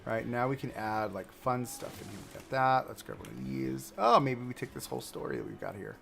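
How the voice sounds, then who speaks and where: A man's voice: medium pitch, very animated, brisk, creaky, a bit bright. A man casually talking through a theme park building game on a livestream, rambling to himself and to the objects he places. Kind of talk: casual gameplay commentary.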